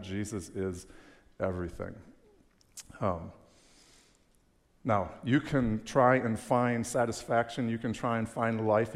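Man, young adult, low voice, conversational sermon, dry humor, long hall reverb. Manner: conversational, self-deprecating humor, reads scripture aloud. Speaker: pastor.

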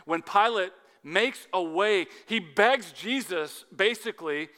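A man preaching a sermon with dramatic swings between loud urgency and hushed intensity. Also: high voice, animated, slow pace. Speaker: pastor. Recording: long hall reverb.

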